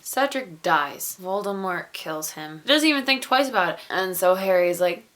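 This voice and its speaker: A woman reviewing a book in a casual, animated way, peppered with "like" and mild swearing. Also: on the low side, moderate pace.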